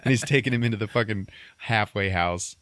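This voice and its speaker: A man with a lowish voice rambles through a movie recap on his podcast, laughing often and swearing freely. His voice sounds close and dry, with no room around it. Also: a little fast, fairly bright tone, no room sound. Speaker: podcast host. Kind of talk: casual comedic movie recap.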